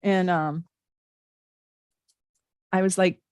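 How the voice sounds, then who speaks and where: In a slow delivery full of pauses, a middle-aged woman livestreams a casual tarot and astrology reading from home. She talks to her viewers in a chatty, warm way, filling her speech with fillers. Her mid-range voice holds a steady tone, recorded with studio quality and no echo.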